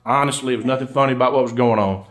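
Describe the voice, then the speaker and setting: A man's voice: mid-range voice, fairly even intonation. A middle-aged man with a Southern US accent telling folksy jokes live on stage, a country undertaker acting out both sides of each dialogue. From Georgia, USA. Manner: folksy drawl, quick storytelling, acts out both spouses in dialogue. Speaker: comedian and undertaker. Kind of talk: live stand-up storytelling. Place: live stage before an audience.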